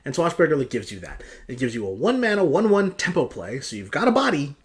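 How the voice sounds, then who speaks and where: A man's voice: fairly high pitch, huge pitch swings, brisk. A man reviewing game cards in a casual, profane, ranting style.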